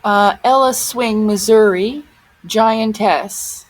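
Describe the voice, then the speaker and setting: A woman's voice: medium pitch, slow pace, rough recording. A woman vlogger giving casual commentary on photos, often exclaiming in amazement.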